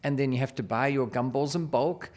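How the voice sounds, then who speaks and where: A man's voice: mid-range voice, a little fast. A middle-aged man casually telling an anecdote as a guest, acting out the dialogue in it. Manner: lively, acts out quoted dialogue. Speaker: investor guest telling a story.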